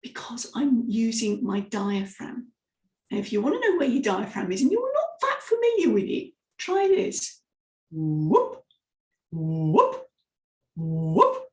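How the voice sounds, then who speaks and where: A woman leading a lively, hands-on vocal warm-up lesson as a speaking coach. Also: on the high side, normal speed. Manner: lively, demonstrative, guides listeners through exercises. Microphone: microphone, sometimes stepping close. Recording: roomy echo.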